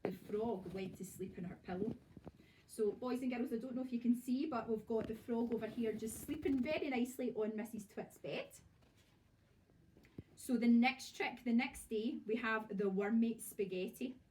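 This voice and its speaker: A woman teacher with a Scottish accent, reading a storybook aloud to children in a lively, expressive way. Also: a little high, normal speed, slight background noise. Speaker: primary school teacher. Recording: voice from far off.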